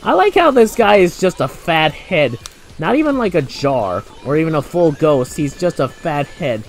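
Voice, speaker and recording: A young man gives loose, joking commentary while he plays a video game, trailing off into fillers and restarts. His pitch bounces lively up and down, and quiet game music plays behind him. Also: normal speed, creaky. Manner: rambling, joking, many fillers. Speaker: gameplay commentator. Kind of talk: casual let's play commentary.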